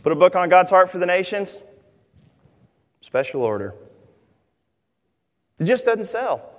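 Joking preacher in a big echoey hall. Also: male voice, high-pitched, measured pace. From Arkansas, USA. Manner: animated, joking storytelling. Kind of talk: sermon. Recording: long hall reverb.

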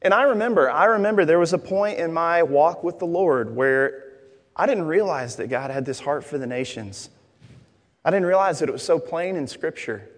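Young male preacher, animated and joking, higher voice, reverberant hall. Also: normal speed. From Arkansas, USA. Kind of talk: sermon.

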